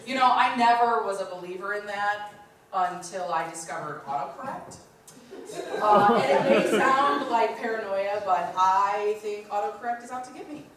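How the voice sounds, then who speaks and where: Her medium-pitched voice is fairly bright and moderately paced as this thirty-something comic does live stand-up in a lounge, spinning chatty stories and acting out quotes. A distant mic captures the room's heavy echo.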